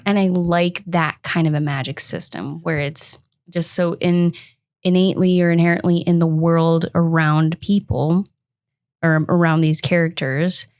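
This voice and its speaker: A woman's voice: on the low side, fairly even intonation, a little slow, a little mellow, no echo, clean studio sound. A woman co-hosting a writing podcast, talking casually and thoughtfully, hesitating as she searches for words. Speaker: podcast co-host. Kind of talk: casual chat.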